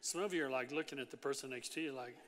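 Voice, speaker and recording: A man preaching a sermon as pastor, in an animated, conversational way with frequent asides to the congregation. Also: medium pitch, rapid-fire, noisy background. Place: large church hall. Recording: long church hall reverb.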